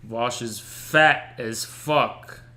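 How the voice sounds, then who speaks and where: A man's voice: medium pitch, drawn-out words, bright, forceful tone. Crude, taunting male streamer. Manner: crude, trash-talking and taunting. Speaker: streamer host. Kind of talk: live-stream banter.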